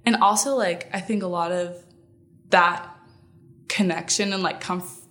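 A woman's voice: on the low side, fairly even intonation, a little slow, fairly bright tone. A young woman on a podcast, telling stories in a casual chat, rambling with lots of fillers and frequent laughs. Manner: giggly, rambling storyteller with many fillers. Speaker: guest, friend.

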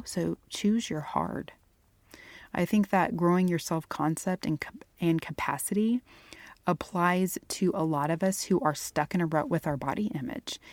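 A woman's voice: on the low side, a little mellow, no room sound. A middle-aged woman hosting a Christian fitness podcast, talking alone to her listeners in an earnest, encouraging way and laughing easily. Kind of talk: solo podcast monologue.

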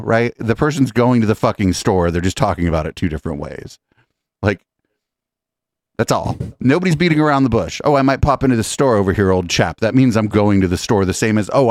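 A man co-hosting a podcast, reacting to clips in an excitable, profane, laughing way. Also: medium pitch, dry recording, studio quality. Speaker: podcast co-host. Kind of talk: casual reaction chat.

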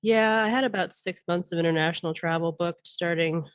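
A woman in her thirties, a podcast guest, talking in a chatty, animated way and laughing often. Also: fairly low pitch, fairly quick, no room sound. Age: 30s. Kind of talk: casual interview chat.

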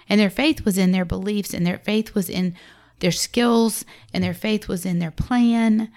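A woman's voice: medium pitch, steady tone, a little slow, darkish tone. A woman, around her forties, giving a conversational devotional talk to mothers on a scripture story, acting out the quoted lines with feeling. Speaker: Christian speaker to mothers.

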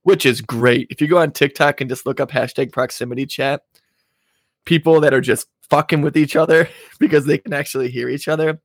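A man's voice: on the high side, fairly even intonation, fairly quick, no room sound, studio quality. A man co-hosting a casual podcast chat, brash and profane, laughing as he tells stories. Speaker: podcast co-host.

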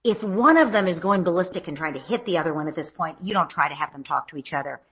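A woman giving parenting advice in a podcast conversation, acting out gentle things a parent would say. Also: on the low side, lively intonation, quick pace, husky, rough recording. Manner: acts out gentle parent lines in a lilting voice. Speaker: parenting expert guest.

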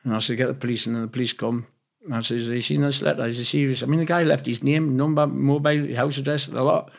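A man's voice: mid-range voice, fairly even intonation, fast talker, creaky. Swearing man spinning rambling stories. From England. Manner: rambling, swears freely, acts out quoted dialogue. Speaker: guest. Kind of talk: casual storytelling interview.

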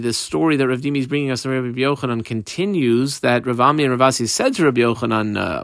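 A man's voice: mid-range voice, moderate pace, gravelly, a bit bright, no room sound, studio quality. A man teaching a Talmud class, reading Aramaic phrases and explaining each one in English, step by step, and telling which words he marked on the page.

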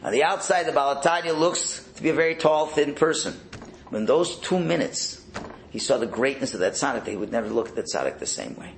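A man teaching a Torah lesson as a sermon, telling stories in an animated way and acting out the voices in them. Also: medium pitch, fairly quick, vocal fry, slight background noise, low-quality recording. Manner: animated storyteller, acts out the voices in his tales. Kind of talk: storytelling sermon.

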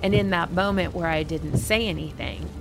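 Low, gravelly woman retelling a frightening day. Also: moderate pace, over music. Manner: earnest, vivid, acts out quoted voices. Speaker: interview guest. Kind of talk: emotional personal retelling.

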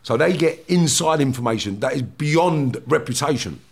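Gravelly guy, swears a lot, acts out the voices in his stories. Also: mid-range voice, lively intonation, moderate pace. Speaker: former prisoner guest. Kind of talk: casual storytelling chat.

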